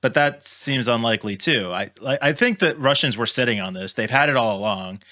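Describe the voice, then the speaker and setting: A man's voice: medium pitch, animated, fairly quick, bright, forceful tone. A man co-hosting a casual podcast chat, laying out long analytical arguments. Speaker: podcast co-host.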